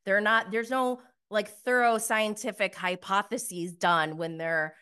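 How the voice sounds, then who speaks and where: Slow-talking bright woman reviewer. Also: medium pitch, fairly even intonation, clear, resonant tone. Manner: chatty, emphatic, laughs often, filler "like". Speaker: TV recap reviewer. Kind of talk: casual recap commentary.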